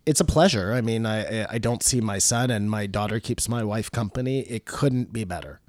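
A man's voice: lowish voice, normal speed, a little mellow, dry recording, clean studio sound. A middle-aged man co-hosting a podcast, talking bluntly and emphatically, swearing freely. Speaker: podcast co-host. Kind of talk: casual chat.

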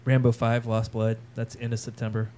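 A man's voice: medium pitch, monotone, a little fast, mellow, slight background noise. A man co-hosting a casual podcast chat, matter-of-fact and running through upcoming releases. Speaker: podcast co-host.

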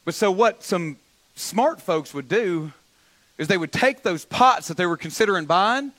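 High, bright-voiced man preaching. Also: measured pace. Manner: builds from calm teaching to loud, rising exhortation; calls on the congregation to answer back. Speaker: pastor. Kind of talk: sermon. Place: church sanctuary.

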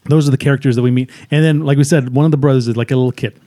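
A man co-hosting a film review podcast, telling the plot in casual chat, halting with fillers and acting out lines. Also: medium pitch, fairly even intonation, warm tone, dry recording.

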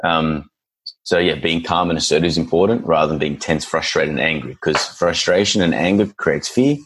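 A man's voice: a bass voice, normal speed, a bit bright, slight background noise, low-quality recording. A man who works as a dog trainer, chatting casually and acting out his clients and their dogs as he tells stories. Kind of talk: casual podcast chat.

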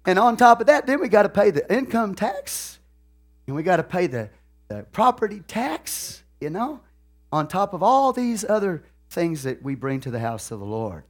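A man with a Texan accent preaching a sermon as pastor, folksy and peppered with "okay?" and "hallelujah", swinging from soft asides to shouted lines. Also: high voice, very animated, normal speed.

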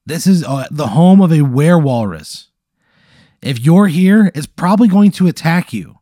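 A man co-hosting a podcast, reacting in deadpan, exasperated, swearing banter. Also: on the high side, a little slow, dry recording, clean studio sound. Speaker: podcast co-host. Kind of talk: casual comedic banter.

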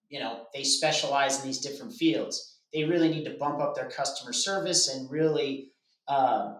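A man's voice: mid-range voice, a bit bright. A man speaking as a guest in a casual panel discussion, explaining earnestly with frequent restarts. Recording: roomy echo.

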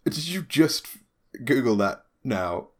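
A man playing a tabletop game, talking quickly and joking. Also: mid-range voice, big pitch swings. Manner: quick and jokey. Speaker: player. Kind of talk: casual game chat.

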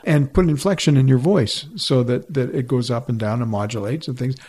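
An older man, a retired orchestra musician, telling stories in a relaxed interview with many restarts. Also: mid-range voice, a little fast. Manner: reflective storytelling with frequent restarts. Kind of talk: conversational interview.

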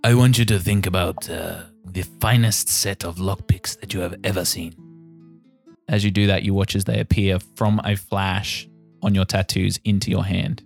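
A man running a tabletop game as game master, narrating scenes and speaking for the figures in a measured, formal way. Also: sits low, steady tone, creaky, soft background music.

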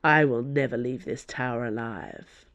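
A woman voicing a scheming, silver-tongued male noble held prisoner, speaking in a measured, wistful way. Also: very deep voice, expressive, fairly bright tone, pitched below the performer's own voice, exaggerated voice.

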